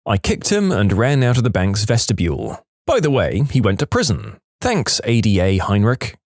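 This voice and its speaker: Lively man narrating reddit stories. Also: on the low side, moderate pace, no room sound, studio quality. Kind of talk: reading reddit stories aloud.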